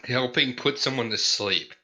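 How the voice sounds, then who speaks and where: A young man playing a tabletop game, excitable and quick to laugh. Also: medium pitch, poor audio. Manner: lively, laughs often, excitable. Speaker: player. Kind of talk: casual tabletop banter.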